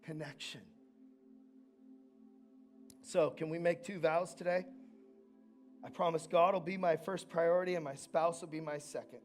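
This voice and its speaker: A male pastor preaches with an earnest, personal delivery. His voice sits a little high for a man, and it drops from emphatic lines into hushed asides. Faint music plays under the sermon. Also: steady tone, unhurried, pauses often. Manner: earnest, swings from loud to soft intimate asides. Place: church.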